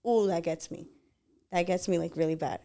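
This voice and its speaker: A woman's voice: lowish voice, moderate pace, mellow. A woman with a Puerto Rican accent, co-hosting a casual podcast chat, laughing often and talking with lots of fillers. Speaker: podcast co-host.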